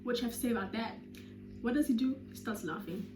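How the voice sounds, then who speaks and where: A South African woman in her twenties telling a storytime vlog with animated, dramatic delivery and sudden loud bursts. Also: on the high side, fast, noisy background. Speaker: YouTuber. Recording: roomy echo.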